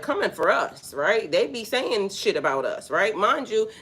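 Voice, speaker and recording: Rambling woman giving casual spiritual talk. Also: medium pitch. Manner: rambling, rhetorical questions, slangy asides. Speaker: spiritual vlogger.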